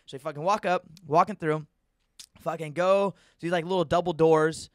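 A man's voice: a little high, fairly even intonation, normal speed, no echo, clean studio sound. A young man telling a rambling, profane story in casual podcast chat.

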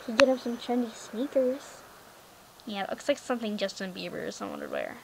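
A teenage girl gaming vlogger rambles casually through a screen-recorded game, filling her sentences with "like" and "um." Her high, light voice is expressive, a little fast and somewhat gravelly, and a faint hiss runs under the recording.

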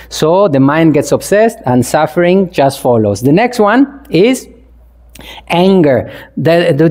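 High-voiced monk giving a playful talk. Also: male voice, darkish tone. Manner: playful, chuckles often and asks the audience questions; non-native English phrasing. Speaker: Buddhist monk teaching. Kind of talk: dharma talk to a congregation.

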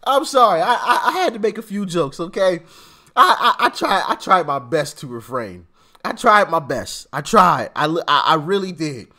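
Laughing, stammering vlogger man, lively voice. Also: sits high, moderate pace. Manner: laughing, repeats words, stammering restarts. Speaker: commentary vlogger. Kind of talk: casual political commentary.

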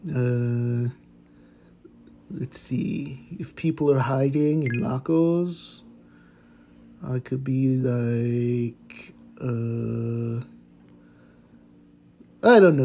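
A man voicing a cheerful, eager pitbull puppy, commenting on gameplay with excitable gasps and goofy puns. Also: medium pitch, slow, pauses often, slight background noise. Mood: excited. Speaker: game commentator.

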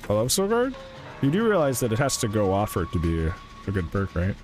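A man's voice: fairly low pitch, wildly swooping pitch, fast talker, a little mellow, faint music behind. A young man streaming a video game, ranting sarcastically and swearing often in casual commentary.

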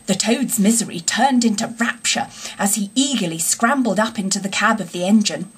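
A woman reading a classic children's storybook aloud in an expressive, unhurried way. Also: medium pitch, breathy edge. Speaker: audiobook reader. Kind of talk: storybook narration.

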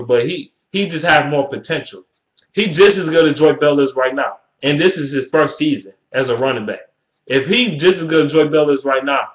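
A man in a fired-up, profanity-heavy rant about his football team, repeating his points and swearing constantly. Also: on the high side. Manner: heated, repetitive, swearing constantly. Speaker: sports fan ranting about his team. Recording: echoey room.

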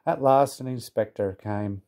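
A man reading a children's storybook aloud in a calm, even manner. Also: medium pitch, measured pace.

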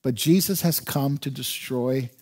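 A man preaching a sermon as pastor, emphatic and animated, slowing down to stress key words. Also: mid-range voice, breathy edge.

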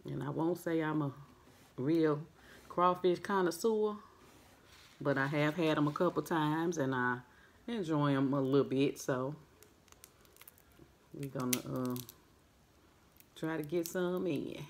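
A soft-spoken woman hosting a mukbang, chatting casually with her viewers and recording without a microphone. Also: takes it slowly, long pauses. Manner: soft-spoken, naturally low-volume voice; friendly, chatty, addresses viewers as family. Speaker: mukbang host. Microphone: no microphone, device's built-in mic.

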